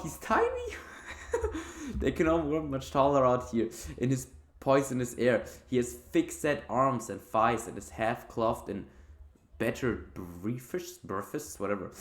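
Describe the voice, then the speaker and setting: A man's voice: mid-range voice, big pitch swings, normal speed, reverberant. Swearing, laughing man reading a game. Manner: swears freely, laughs at the story. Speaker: let's play host. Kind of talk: reading game text with casual commentary.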